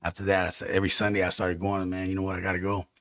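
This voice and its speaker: A man's voice: deep voice, monotone, rapid-fire, a bit bright, no echo, clean studio sound. A man telling a heartfelt personal story on a podcast in casual, slang-filled speech. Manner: earnest, heartfelt testimony with street slang.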